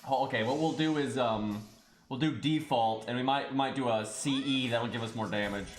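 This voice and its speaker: A man's voice: medium pitch, moderate pace, reverberant. A man streaming a game live, thinking aloud in loose casual chat and swearing now and then. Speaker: streamer playing a mobile game. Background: faint game music.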